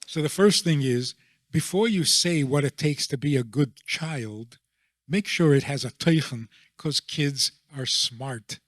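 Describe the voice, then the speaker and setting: A man being interviewed as a rabbi, explaining his views in a deliberate way and often checking in with a rhetorical question. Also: a little high, no echo, studio quality.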